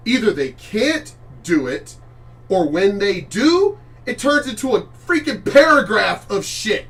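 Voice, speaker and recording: A man's voice: high voice, sing-song, measured pace, a bit bright. Blunt, profane man far from the mic. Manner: blunt, profane, rambling with restarts. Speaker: channel host reacting to clips. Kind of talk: casual reaction commentary.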